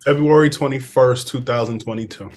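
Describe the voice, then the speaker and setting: Male host, brief warm responses, faint music underneath. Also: mid-range voice, fairly quick. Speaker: podcast host. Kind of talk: casual interview talk.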